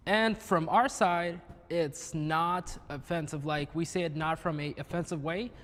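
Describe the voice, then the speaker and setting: A man's voice: fairly high pitch, unhurried. Laid-back guy in echoey room. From Ukraine. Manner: relaxed, filler-heavy. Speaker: panelist. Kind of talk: casual discussion. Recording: reverberant room with faint noise.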